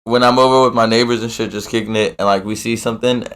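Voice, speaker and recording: A man's voice: on the low side, steady tone, quick pace, fairly bright tone, clean tone. A man co-hosting a podcast in laid-back, slangy casual chat, often laughing. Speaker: podcast co-host.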